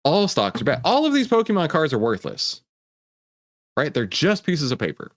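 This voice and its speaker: A man's voice: fairly high pitch, moderate pace. A man hosting a stock market show, explaining in a casual, conversational way with frequent asides. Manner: animated storyteller who acts out voices.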